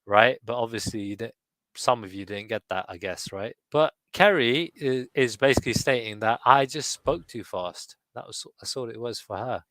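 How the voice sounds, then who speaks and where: A man in his thirties reading his own poem slowly and chatting with some hesitant restarts. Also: medium pitch, fairly bright tone, no echo, low-quality recording. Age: 30s. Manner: slow deliberate recitation, hesitant restarts in chat. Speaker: poet reading his work. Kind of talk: casual online chat and poetry reading.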